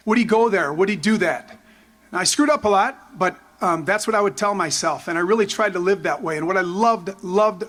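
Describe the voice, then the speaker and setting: A man in his fifties speaks at a podium at a stadium memorial, his voice pitched notably high. He tells his story with animated excitement, jumping into the voices of the people he quotes, then stumbling and restarting as he goes. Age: 50s. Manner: halting, restarts often. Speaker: former player giving a tribute. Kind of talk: storytelling memorial tribute speech.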